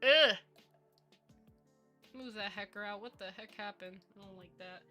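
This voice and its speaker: A woman's voice: medium pitch, steady tone, a little fast, sharp tone, soft background music. A woman streaming live as a VTuber while modeling in 3D, chatting playfully with giggles and mock-villain theatrics. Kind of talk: casual live stream chat.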